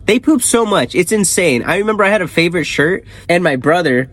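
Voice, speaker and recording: Excitable male host, slightly high voice, rambles off-script mid-story. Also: brisk, few pauses, a little hiss or hum, poor audio. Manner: rambling and excitable, often breaking into laughs. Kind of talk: casual reading of a horror story with comedic tangents.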